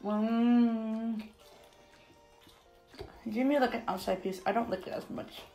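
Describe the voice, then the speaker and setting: A food vlogger in her twenties eats and chats casually in her bathroom at home for a mukbang, peppering everything with "like." She speaks slowly and steadily in a slightly high voice with a dark tone, faint music behind and low-quality sound.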